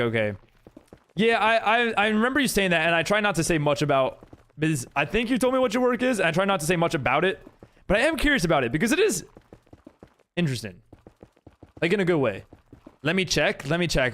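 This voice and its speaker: A man's voice: high voice, a bit bright. A young man streaming, chatting casually with viewers, laughing often and using lots of fillers. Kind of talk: casual live-stream chat reading viewer messages.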